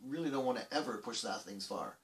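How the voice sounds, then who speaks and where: A man's voice: mid-range voice, animated, quick pace. Rambling man, echoey distant sound. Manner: rambling, with many restarts and fillers; acts out quoted voices loudly. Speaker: children's program host. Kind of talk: casual talk to children.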